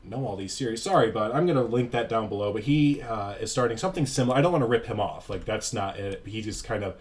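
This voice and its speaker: A man's voice: lowish voice, animated, quick pace. A young man casually commenting over his gameplay, rambling and self-deprecating, with lots of filler words. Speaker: YouTuber.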